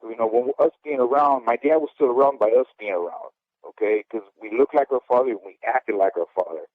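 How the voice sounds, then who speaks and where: Man, 50s, ex-boxer, candid rambling storyteller, middle pitch, dry narrow phone-line sound. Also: a little fast, dry recording. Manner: candid, rambling, says "okay?" often. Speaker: former boxer, guest. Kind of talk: storytelling interview.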